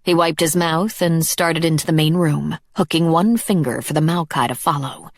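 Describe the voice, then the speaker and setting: A woman narrating a dark fantasy audiobook in a measured, even storytelling manner. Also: low-pitched, no room sound. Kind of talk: scripted narration.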